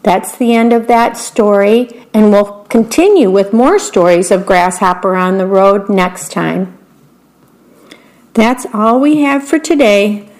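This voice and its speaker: A woman volunteer reading a bedtime story aloud on the radio, gentle and describing the pictures for listeners. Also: medium pitch.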